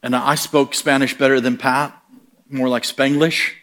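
An American man preaching, telling a funny travel story with lively comic voices. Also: medium pitch, measured pace. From United States. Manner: animated, comic voices in quoted lines. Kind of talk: storytelling sermon.

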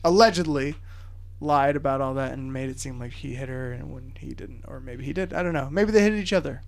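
A man's voice: medium pitch, fairly quick, vocal fry. A man chatting casually in a laid-back way, summing things up dismissively. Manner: laid-back, dismissive summaries, frequent "yeah". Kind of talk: casual chat.

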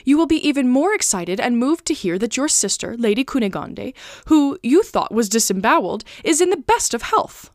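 A woman's voice: high voice, sing-song, moderate pace, no room sound, clean studio sound. A woman reading aloud, voicing a naive, earnest young German man in an exclaiming tone. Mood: amazed. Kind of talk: storybook reading.

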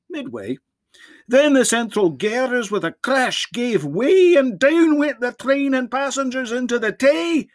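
A priest guesting on a podcast, reciting a poem theatrically in a put-on Scottish dialect. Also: male voice, high-pitched, no echo. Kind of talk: dramatic poem reading.

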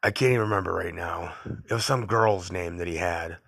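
Deep and a bit bright with vocal fry, his speech runs a little fast. As a middle-aged podcast host, he rambles casually through stories of his youth, blunt and tough-talking.

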